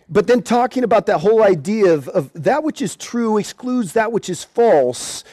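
A male preacher giving an animated evangelistic sermon at an outdoor gathering, repeating words and shouting at times. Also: high-pitched, moderate pace, hardly any pauses, no room sound.

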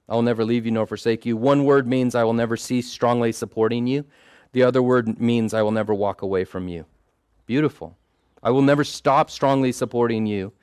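A man's voice: mid-range voice, darkish tone, clear, resonant tone, no echo, clean studio sound. Earnest man preaching to a circle. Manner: earnest, emphatic, asks the group for "Amen?". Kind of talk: sermon. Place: small gathering in a circle.

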